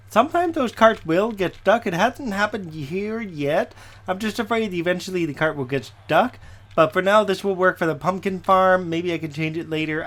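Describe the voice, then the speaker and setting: A man with a somewhat high voice that is slightly hoarse from a lingering cough. He rambles casually while he plays, narrating what he is doing. He keeps checking in with listeners through "okay?" tag questions. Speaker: Minecraft let's player. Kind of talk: casual gameplay commentary.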